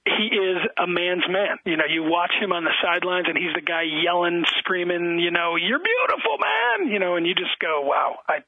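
A man's voice: high voice, level tone, moderate pace, few pauses, noisy background. A man, an athletic director being interviewed on radio, talking with enthusiasm and frequent restarts. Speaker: high school athletic director. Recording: tinny phone-like radio sound.

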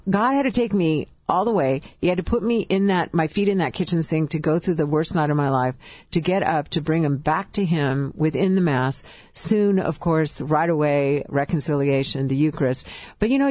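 A woman's voice: low voice, darkish tone, dry recording, studio quality. Emotional woman sharing her testimony. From California. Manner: emotional, halting, with restarts. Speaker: guest. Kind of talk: personal testimony.

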